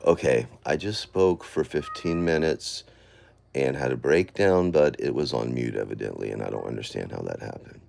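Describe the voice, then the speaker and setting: Man, deep and gravelly, live-streaming an emotional apology from his phone; pitch swings widely. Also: expressive, normal speed, a little mellow. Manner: frustrated, swearing, muttering to himself. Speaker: livestreamer.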